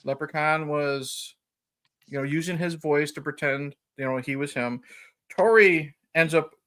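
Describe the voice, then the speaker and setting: Bright-voiced man, casual podcast host. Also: on the high side, unhurried. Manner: rambling, chuckling retelling with frequent "you know". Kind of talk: casual chat recapping a film.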